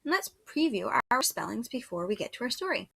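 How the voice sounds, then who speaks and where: A woman's voice: fairly high pitch, very animated, brisk, gravelly, pushed and bright, breathy edge. A woman teaching first grade phonics, patiently sounding out letters and words one at a time. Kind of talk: slow phonics dictation lesson.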